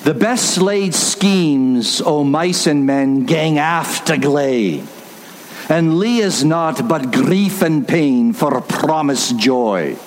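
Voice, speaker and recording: A man reciting old verse in a put-on Scottish accent, slow and deliberate. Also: a little high, expressive, heavily acted. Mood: recitative. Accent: attempted Scottish.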